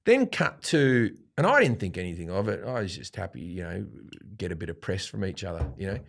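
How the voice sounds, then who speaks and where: Australijski komik w średnim wieku, barwnie i wulgarnie opowiadający w rozmowie, z bardzo rozbieganą intonacją. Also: male voice, low voice, brisk, gravelly. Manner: profane, animated storytelling with acted-out quotes. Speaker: guest comedian. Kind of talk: storytelling in a casual interview. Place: studio.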